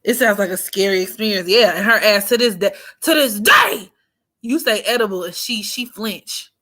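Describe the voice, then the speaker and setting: A woman, telling a story in a casual chat, animated and profane, often laughing. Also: medium pitch, normal speed. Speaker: astrology streamer.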